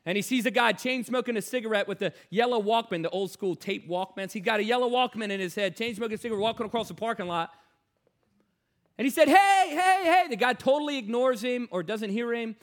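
High-voiced man preaching a sermon. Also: fast talker. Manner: swings from hushed storytelling to loud exhortation.

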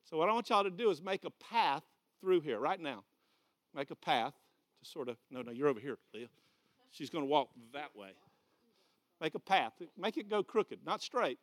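A man's voice: on the high side, sing-song, moderate pace, fairly bright tone. A man with a Southern American accent preaching a folksy, conversational sermon in a church hall. He repeats key phrases and directs volunteers. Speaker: pastor. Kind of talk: folksy sermon with a live demonstration.

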